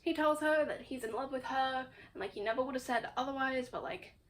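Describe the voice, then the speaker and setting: A woman with a high voice recapping a book in a casual, chatty way. She tells it dramatically and sounds exasperated, with "like" sprinkled through every sentence. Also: a little fast. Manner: chatty, full of "like". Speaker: book vlogger.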